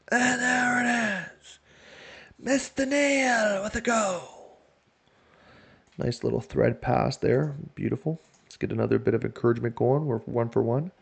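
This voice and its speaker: A man giving casual let's-play commentary on a football management game, joking to himself and shouting when his team scores. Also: mid-range voice, creaky. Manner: excitable, jokes to himself, shouts at goals. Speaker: video game player.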